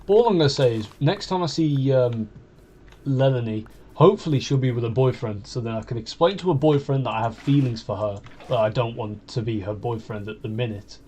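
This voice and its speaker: A man's voice: medium pitch, fairly quick, mellow, a little hiss or hum. Rambling young man with a West Midlands accent. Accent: West Midlands English. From Wolverhampton, England. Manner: rambling and hesitant, with frequent restarts. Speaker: YouTuber. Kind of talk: casual confessional monologue.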